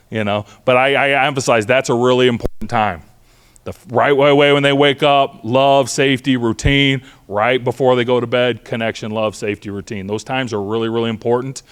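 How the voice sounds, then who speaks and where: A man's voice: mid-range voice, clean tone. Male speaker, middle-aged, punchy talk to a parent audience, repeats catchphrases. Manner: energetic, conversational, with repeated mantras. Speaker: speaker on trauma-informed care. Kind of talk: presentation to parents. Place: school auditorium.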